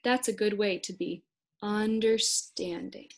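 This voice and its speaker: A young woman in her twenties giving a children's read-aloud lesson, speaking gently and encouragingly to young kids. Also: mid-range voice, slow. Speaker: speech-language pathology student teacher.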